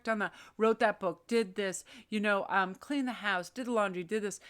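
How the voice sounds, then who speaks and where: A woman's voice: mid-range voice, a bit bright. A woman doing a pick-a-card tarot reading, speaking encouragingly and directly to the viewer. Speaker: tarot reader.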